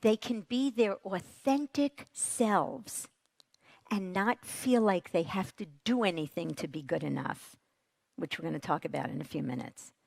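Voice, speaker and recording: A woman's voice: fairly low pitch, a little slow, gravelly, no echo. A woman, a parenting expert, giving a motivational stage talk and asking the audience questions. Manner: animated, asks the audience questions.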